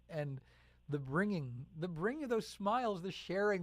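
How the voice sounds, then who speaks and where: A man hosting a radio interview, heartfelt and quick with affirming interjections. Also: high voice, big pitch swings, no echo. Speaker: radio host.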